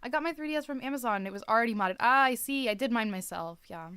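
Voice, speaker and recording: A woman's voice: a little high, lively intonation, fast, fairly bright tone, clean tone, no echo. A young woman streaming live and chatting casually with viewers. She rambles, fills her talk with "like" and often restarts her sentences. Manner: rambling, heavy use of "like", frequent restarts.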